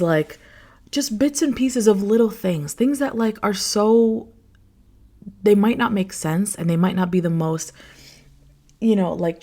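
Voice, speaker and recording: A woman's voice: fairly low pitch, warm tone. A young adult woman hosting her own podcast, talking in a rambling, candid way, full of fillers and asides as she vents to the camera. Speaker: podcast host. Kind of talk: casual solo podcast chat.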